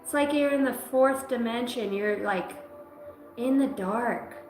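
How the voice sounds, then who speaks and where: A woman giving a live psychic reading, talking emotionally in halting phrases that break off mid-sentence. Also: on the high side. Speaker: psychic reader. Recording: roomy sound with music behind.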